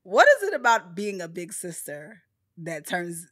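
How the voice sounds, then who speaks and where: A young woman hosts a casual podcast. She sounds playful and chatty, with quick laughs and lively asides to her audience. Her tone is bright and forward, cutting through clearly. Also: lowish voice. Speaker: podcast host.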